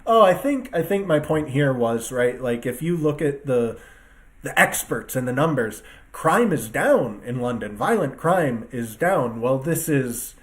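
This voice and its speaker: Seated at his computer desk with two screens, an online commentator rants to his viewers in a casual solo talk. He is emphatic, profane and rambling, with a very animated medium-pitched voice at a slightly slow pace.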